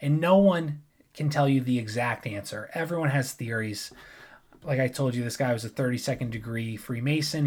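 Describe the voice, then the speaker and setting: A man at a middle pitch talks through a history topic in a relaxed, unscripted way. He rambles, backtracks and corrects himself, and keeps the tone loose and conversational. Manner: rambling, loose, with frequent restarts and asides. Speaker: history presenter. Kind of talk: casual explainer talk.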